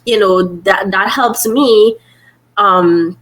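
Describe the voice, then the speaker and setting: A young woman hosting a podcast, speaking in a slightly low voice. Her talk is casual and earnest, and she rambles as she thinks aloud, often restarting sentences. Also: moderate pace, low-quality recording. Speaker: podcast host.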